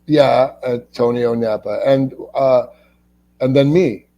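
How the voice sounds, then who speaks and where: A man from Cleveland, an actor guest, telling profane, animated anecdotes in a casual interview. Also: medium pitch, slow pace, low-quality recording. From Cleveland, USA.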